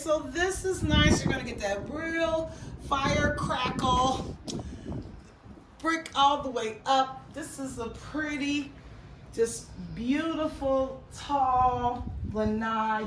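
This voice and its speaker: Woman, higher voice, gushing home tour, unhurried, echoey rooms. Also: recorded from a distance, background noise. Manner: enthusiastic, gushing, exclaiming over details. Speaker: real estate agent giving a home tour. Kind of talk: casual walkthrough tour. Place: model home, walking through rooms.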